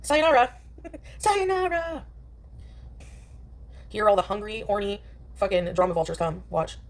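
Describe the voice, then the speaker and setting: A woman's voice: medium pitch, lively intonation, a little fast. A woman chatting casually on a livestream, dismissive and rambling, full of filler "like"s. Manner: dismissive, rambling, many likes.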